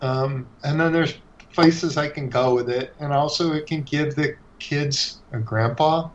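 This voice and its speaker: Man, comic creator, loose halting chat; dull low-fi recording. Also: a little hiss or hum. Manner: relaxed, halting, many restarts and fillers. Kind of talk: casual podcast chat. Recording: dull lo-fi sound.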